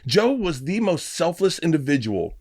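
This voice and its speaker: A man's voice: a little high, sing-song, moderate pace, a little mellow, slightly rough, no room sound, studio quality. A man as a podcast guest, telling stories in a brash, emotional way with swearing, played as a clip. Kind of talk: casual storytelling in an interview.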